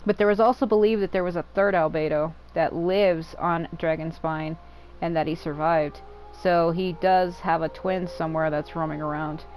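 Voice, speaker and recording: A woman's voice: on the low side, darkish tone, poor audio. A woman casually commenting while she plays a game, explaining its lore in a rambling way, full of "like" and the odd swear word. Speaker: gamer. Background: game music.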